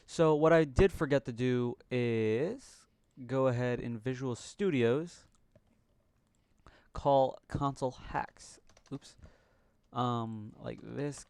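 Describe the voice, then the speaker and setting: A young man chats and mutters to himself while coding live on stream at his home desk. His voice is smooth and resonant, close on a desk mic in a dry room with no echo, and he breaks into jokey broken-English asides. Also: mid-range voice, slow pace, a little mellow. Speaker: livestream host coding.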